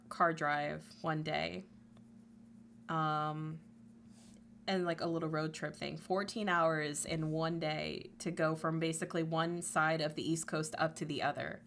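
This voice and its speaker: A woman's voice: fairly even intonation, a little slow, vocal fry, a bit bright, slight background noise. Chatty, laughing woman streamer. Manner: chatty, swears, laughs often, quotes memes in a squeaky voice. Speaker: livestreamer. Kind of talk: casual chat.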